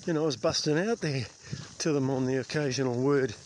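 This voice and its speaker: A New Zealand man with a mid-range voice talks fairly quickly to the camera while hiking a long bush trail, casual and self-deprecating, with a bit of mild swearing. Outdoor noise and insects can be heard behind him.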